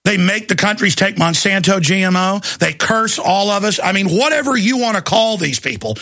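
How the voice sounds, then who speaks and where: Gravelly, fiery ranting man. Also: high-pitched, animated, normal speed, no echo. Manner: ranting, fiery delivery with bursts of shouting. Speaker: talk show host. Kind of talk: heated monologue.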